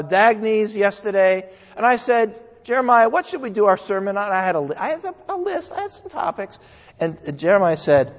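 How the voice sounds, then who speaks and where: An older male pastor gives a folksy, joking sermon with a lively voice that swoops up and down. His voice sits high for a man. The recording is dull and carries a long echo from the church hall. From New England. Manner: folksy, joking, animated preaching. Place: church sanctuary.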